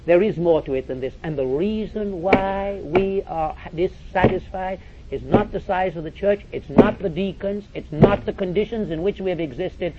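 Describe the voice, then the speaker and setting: A man preaches at a moderate pace in a high voice before an audience in a church or meeting hall. His delivery is emphatic and direct, full of repeated phrases and calls to listen. The dull lo-fi recording has heavy background noise.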